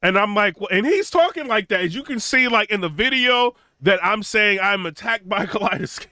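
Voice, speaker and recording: A young man hosting a home theater channel tells an animated story in casual talk, full of "you know" and "right?" and acting out other people's lines. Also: a little fast, dry recording. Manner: conversational, many fillers like "you know" and "right?"; acts out quotes of others in a raised, mocking pitch. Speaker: tech channel host.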